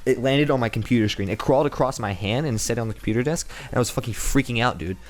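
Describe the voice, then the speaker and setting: A man's voice: medium pitch, fast talker. A young man telling a crude, rambling comedic story full of swearing, restarts and asides.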